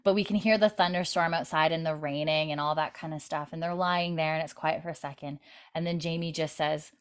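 Low-voiced woman casually recapping a show. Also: fairly even intonation, a little fast, clean tone. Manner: rambling, filler-heavy retelling with many "like"s. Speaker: podcast host recapping a TV episode. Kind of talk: casual chat.

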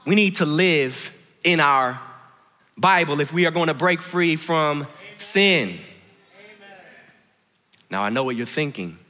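A man preaching a sermon in a large church, his voice high and bright. He tells his story by dropping to a hush and then rising to emphatic points. A long reverb from the hall trails after his words. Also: animated, takes it slowly, pauses often. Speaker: pastor.

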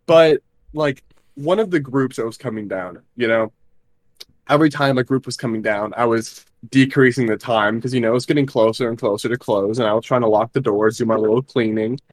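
A man's voice: medium pitch, a little fast, no echo. A young man co-hosting a podcast, telling a story about his retail job in a profane, exasperated way. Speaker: podcast co-host. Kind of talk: casual chat.

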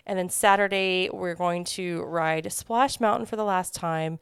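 A woman's voice: lowish voice, fairly even intonation, unhurried, fairly bright tone, clear, resonant tone, dry recording, studio quality. A woman in her thirties co-hosting a podcast, chatting in an upbeat, friendly way. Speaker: podcast co-host. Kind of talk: casual chat.

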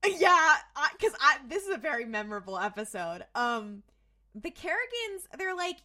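A high, lively woman's voice with a bright edge, chatting fast and loose as she recaps a TV episode. She swears freely and slips into quick impressions of the characters. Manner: animated, swears freely, acts out quoted lines. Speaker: podcast co-host. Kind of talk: casual chat recapping a TV episode.

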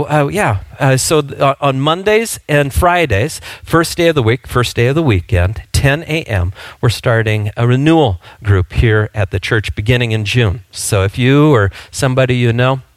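A man's voice: mid-range voice, no room sound. Man preaching in a dry, close sound. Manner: conversational storytelling with frequent fillers and restarts. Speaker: pastor. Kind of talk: sermon.

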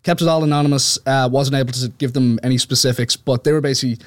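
A man's voice: medium pitch, fairly even intonation, fast talker, no echo, clean studio sound. A man, an author guest on a podcast, telling his story in loose casual chat, filling his sentences with "like". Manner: rambling, heavy use of "like", laughs easily.

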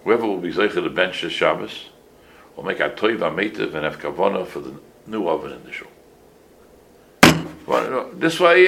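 An older man with a gravelly, fry-edged voice teaches as a rabbi, and his pitch swings widely from low asides to high exclamations. He tells stories with restarts and Yiddish turns of phrase, and a faint hiss of noise sits under the recording. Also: normal speed, pauses often. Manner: animated storytelling with many restarts and Yiddish phrases. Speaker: rabbi giving a halacha class. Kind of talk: casual halachic shiur with stories.

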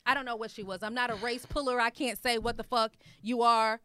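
Brisk and a little high, this woman's clear, resonant voice comes through a dry recording. She's a podcast co-host swapping profane, lively stories in casual conversation.

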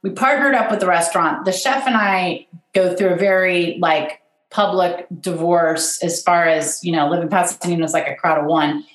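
A middle-aged woman, a guest who runs an event business, telling her story in a candid, self-deprecating and animated way. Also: lowish voice, normal speed. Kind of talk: personal storytelling in conversation. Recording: roomy echo.

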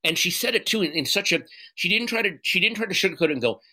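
Bright-voiced man talking earnestly. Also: high voice. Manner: earnest, halting, profane, animated retelling. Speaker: guest. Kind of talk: candid conversational interview.

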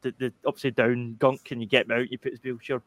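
Man, quick rambling chat, dry close sound, podcast panelist. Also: medium pitch, no echo. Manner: rambling, animated storytelling with many fillers and restarts. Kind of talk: casual chat.

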